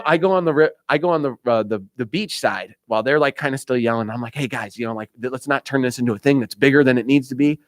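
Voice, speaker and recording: A man with an Indiana accent tells a rambling story in casual talk-radio style. He jumps into other people's voices and laughs along the way. His voice sits at a middle pitch and sounds close and dry. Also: quick pace, hardly any pauses, no room sound. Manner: animated storyteller, acts out voices, laughs often. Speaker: radio show host.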